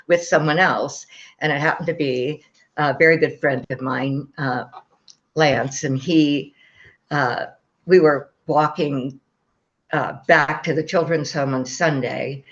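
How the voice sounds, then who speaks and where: An older woman, a guest, recounts her near-death experience in a rambling, casual way, full of fillers and wry humor. Her voice is very deep yet a bit bright, and the recording sounds slightly dull and muffled.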